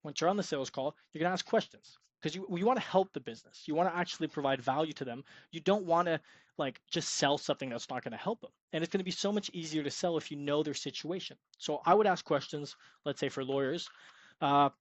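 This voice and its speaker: A man's voice: on the high side, fast, no room sound, highs cut off. A young man giving an upbeat, salesy screen-share tutorial on freelance web design, sometimes acting out sample sales calls. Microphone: screen-recording mic.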